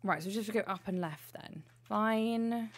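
A woman's voice: medium pitch, normal speed. A woman giving casual gameplay commentary as a streamer, profane, playful and chatty.

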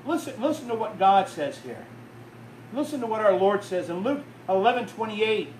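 A man preaching in a church, his voice pitched high for a man. He tells the story at a storyteller's pace, building up and then dropping low. The recording catches him from a distance, with the sound ringing around the room and faint ambience behind. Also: animated, normal speed, a little mellow, reverberant, slight background noise. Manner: storytelling preacher, rising and falling in intensity. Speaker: pastor. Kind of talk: sermon. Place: church sanctuary.

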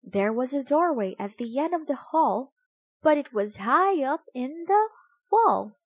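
A woman reading a children's story aloud, slow and expressive in a sing-song way. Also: high voice, no room sound. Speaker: storybook reader.

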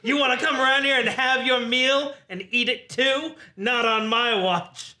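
Man voicing a brash young wrestler, bright tone, roomy recording. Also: very high voice, fairly even intonation, measured pace, pitched above the performer's own voice, full character voice. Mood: cocky. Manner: brash, laughing trash talk. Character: cocky young male wrestler, waiter gimmick.

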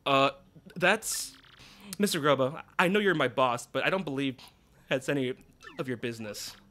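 A man voicing a reserved, formal female manager, speaking low and quietly. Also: moderate pace, natural voice.

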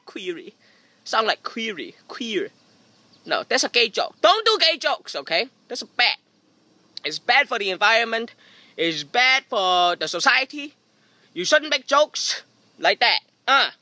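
A man's voice: extremely high pitch, no room sound. A man doing a sarcastic, jokey vlog monologue outdoors by a pool, recorded on a phone's front camera. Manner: sarcastic, deadpan jokey self-mockery. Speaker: vlogger. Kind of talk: comedic rambling vlog monologue. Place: outdoors beside a private pool.

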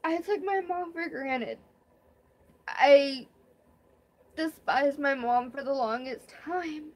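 Young female vlogger, somewhat high voice, rambling and candid, live-stream chat. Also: slow, a little mellow. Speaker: vlogger hosting her first live stream.

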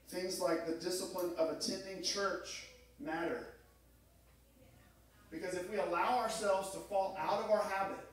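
A middle-aged man preaching a sermon as pastor, telling stories and acting out quoted voices. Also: high voice. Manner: storytelling, acts out quoted voices. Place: church sanctuary. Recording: echoey room, mic far off.

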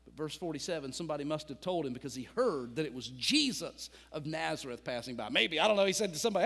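A male pastor preaching a sermon, telling a story dramatically and swinging between loud and hushed. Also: on the high side, animated, fast talker, vocal fry, hardly any pauses, husky. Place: church sanctuary. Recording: long church reverb.

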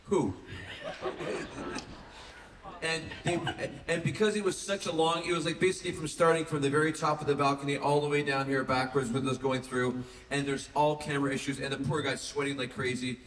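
A man's voice: fairly high pitch, brisk. A man on a convention panel, telling stories and chuckling. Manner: animated storyteller, chuckling. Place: large convention hall. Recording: echoey hall, distant mic, some noise.

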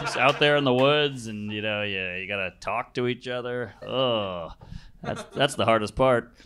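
A man's voice: mid-range voice, normal speed. Crude, self-mocking stand-up man. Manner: blunt, crude, self-mocking crowd work. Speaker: stand-up comedian. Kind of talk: improvised stand-up set. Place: comedy club stage before a laughing audience. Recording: live club recording with audience noise.

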